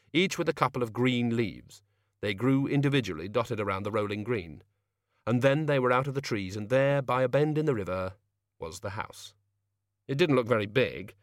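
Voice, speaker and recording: A man's voice: medium pitch, no room sound, studio quality. Man narrating a fantasy audiobook. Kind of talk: scripted narration.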